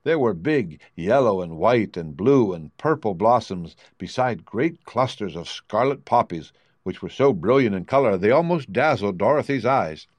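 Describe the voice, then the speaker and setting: A man calmly narrating a storybook aloud. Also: on the low side, normal speed, no room sound.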